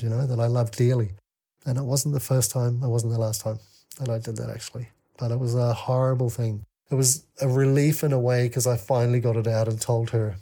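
Aussie guy opening up on a podcast, lots of ums and restarts, warm low-key tone. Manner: halting, many fillers and restarts. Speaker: podcast guest. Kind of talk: candid personal storytelling.

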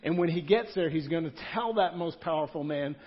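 A man's voice: fairly high pitch, fairly quick. A man, a pastor, preaching a sermon in a church room in a conversational style, repeating key words for emphasis. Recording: dull lo-fi sound.

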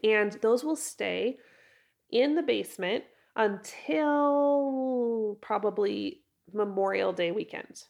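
A woman with a hoarse, raspy, froggy voice from a head cold hosts a casual solo podcast. Her talk rambles with a gravelly fry and mid-range pitch, and she corrects herself often. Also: takes it slowly, darkish tone. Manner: chatty, rambling, self-correcting with laughs. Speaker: podcast host.

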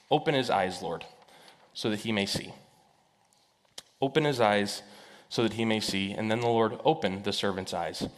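A man's voice: mid-range voice, a bit bright. A man preaching a sermon as a pastor, telling a Bible story in a loose, conversational way with frequent fillers. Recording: echoey hall reverb.

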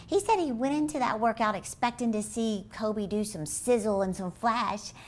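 A woman giving an animated Christian motivational talk, telling stories with emphasis and repeating key phrases. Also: fairly high pitch, moderate pace, very noisy. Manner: lively, expressive, storytelling with emphasis. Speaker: Christian inspirational speaker.

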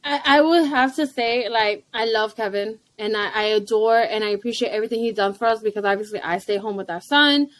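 A young woman and stay-at-home mom co-hosting a casual chat, animated and blunt, laughing often. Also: a little high, fairly quick, hardly any pauses, no room sound.

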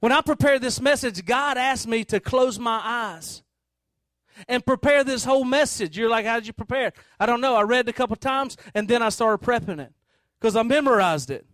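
High-voiced man preaching a sermon. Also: moderate pace, a bit bright, no echo. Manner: conversational, addresses the audience directly.

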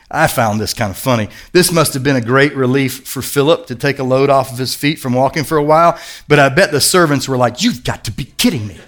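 A man's voice: mid-range voice, normal speed, fairly bright tone. A middle-aged male pastor preaching a sermon in an earnest, conversational storytelling manner.

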